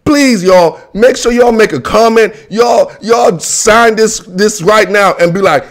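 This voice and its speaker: A young man hosting a football show, ranting animatedly in slangy casual talk, with shouts and laughter. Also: sits high, measured pace, few pauses. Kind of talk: casual solo sports commentary.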